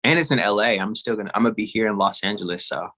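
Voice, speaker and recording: A man's voice: lowish voice, rapid-fire, pushed and bright. A man from East Texas, a singer-songwriter guest, chatting in a laid-back way that often trails off. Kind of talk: casual interview chat.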